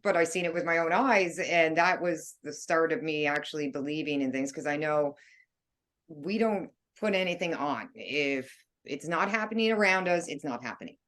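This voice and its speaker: A woman's voice: sits low, normal speed, a bit bright. A woman, a paranormal investigator, speaking in an earnest, plainspoken way in a casual interview. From Canada.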